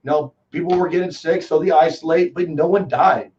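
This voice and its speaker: A man from Texas in casual chat as a guest, telling rambling, animated stories with lots of fillers. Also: a little high, a little fast. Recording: distant, dull lo-fi call audio.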